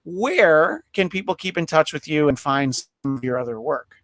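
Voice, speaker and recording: A man's voice: a little high, lively intonation, normal speed, a bit bright, dry recording. A man hosting a podcast in casual chat, rambling and jokey, with lots of fillers and restarts. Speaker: podcast host. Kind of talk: casual chat, wrapping up a live show.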